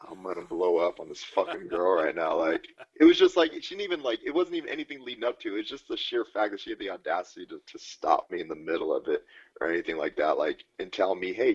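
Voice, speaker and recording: A man's voice: deep voice, breathy edge. A man co-hosting a podcast in casual chat, telling stories in a laid-back way with swearing and easy laughs. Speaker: podcast co-host. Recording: dull lo-fi podcast audio.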